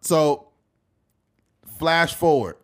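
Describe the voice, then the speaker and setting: A man from California hosting a podcast, telling stories in a profane, animated way. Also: a little high, drawn-out words. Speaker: podcast host. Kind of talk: casual podcast chat.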